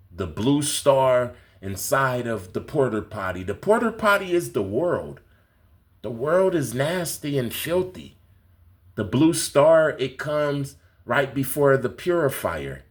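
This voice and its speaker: A man delivering a spiritual conspiracy monologue, slow, emphatic and repetitive. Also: mid-range voice, sing-song. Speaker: conspiracy vlogger.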